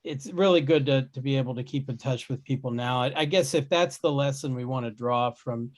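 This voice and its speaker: A man's voice: medium pitch, fairly quick. A man hosting a podcast in casual chat, rambling with restarts and chuckling asides. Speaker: podcast host.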